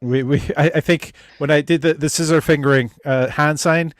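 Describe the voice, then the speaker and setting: A man's voice: fairly high pitch, fairly even intonation, moderate pace, dry recording, studio quality. A man hosting a relationship advice livestream, chatting casually with viewers and guests, stumbling over restarts and swearing freely. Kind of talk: casual livestream chat reading viewer comments.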